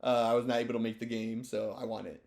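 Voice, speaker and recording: A man's voice: medium pitch, flat delivery, quick pace, darkish tone. A stoned man giving rambling, joking, profane commentary over sports clips. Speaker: video host.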